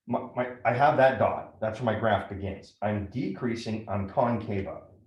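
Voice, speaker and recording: A man's voice: on the low side, moderate pace, roomy sound, dull audio, a little hiss or hum. A man teaching a math lesson step by step, often checking in with "right?". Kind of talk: classroom lecture at a whiteboard.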